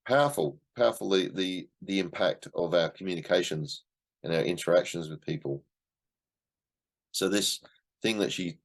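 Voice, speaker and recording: A middle-aged man leading an online class discussion of a book, in a conversational way, repeating words and acting out short quotes. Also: low-pitched. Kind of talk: casual teaching talk to an online class.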